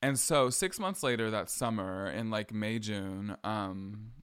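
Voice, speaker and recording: A man's voice: on the low side, slow pace, a bit bright, clear, resonant tone. A young adult man hosting a podcast, telling a personal story in a casual, sassy way with slang asides. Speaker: podcast host.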